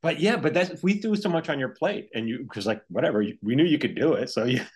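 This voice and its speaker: A man's voice: medium pitch, expressive, fast talker, husky. A man hosting a podcast interview, asking rambling questions that often restart midway. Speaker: podcast host. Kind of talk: casual interview chat.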